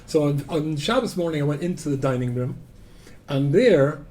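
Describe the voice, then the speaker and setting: This is a Scottish man with a matching accent, a rabbi lecturing on Torah to a live crowd. His voice is a little high and animated at a moderate pace, as he tells stories with self-deprecating humor and alternates loud emphasis with quiet asides.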